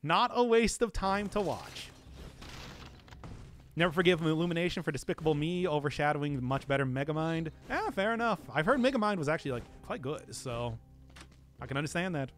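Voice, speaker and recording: A chatty male game streamer with a high, very lively voice that leaps around as he talks. He rambles, restarts his sentences and laughs often, with faint game music playing underneath. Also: brisk. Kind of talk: casual live-stream chat while playing.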